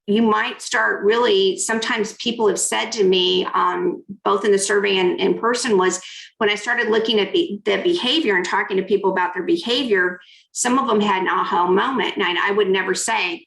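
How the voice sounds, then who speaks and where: A woman's voice: mid-range voice, fairly even intonation, normal speed, vocal fry, fairly bright tone, reverberant, rough recording. A woman giving an interactive keynote on negotiation, coaching her audience through hand exercises and reading out their typed comments. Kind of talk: interactive online workshop talk.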